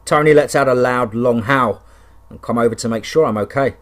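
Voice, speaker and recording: A man narrates a scripted first-person horror tale from the woods. His voice sits in an ordinary middle male range, and his telling is steady and conversational with a dry sense of humour. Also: medium pitch, fairly quick.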